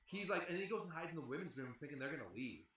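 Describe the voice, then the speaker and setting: A man's voice: on the high side, sing-song, rapid-fire, a bit bright, reverberant. A man telling a rambling, profane story in casual chat, with a lot of "like". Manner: rambling, heavy swearing, lots of "like". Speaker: band member telling a tour story.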